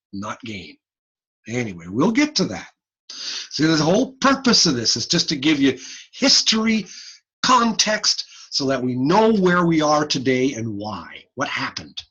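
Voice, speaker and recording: A man giving an informal online lecture, lively and blunt, over a computer mic on a video call. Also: medium pitch, husky, dull audio. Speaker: audiology lecturer.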